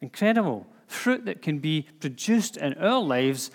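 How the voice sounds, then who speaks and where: Speaking at a measured pace, a Scottish-accented man delivers a casual sermon. His slightly high voice swings widely in pitch, and his talk is loaded with fillers and restarts. A long hall reverb surrounds him.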